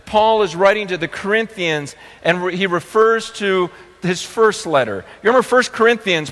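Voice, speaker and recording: A middle-aged man preaching a sermon as pastor, earnest and storytelling, acting out quotes with sudden loud bursts. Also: sits high, long reverb tail.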